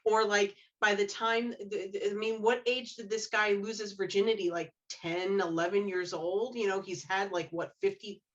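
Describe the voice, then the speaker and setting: A woman's voice: medium pitch, normal speed, hardly any pauses, dull audio. A woman romance author chatting on a podcast panel, telling stories animatedly and acting out the quotes. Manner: animated storyteller, acts out quotes. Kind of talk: casual panel chat.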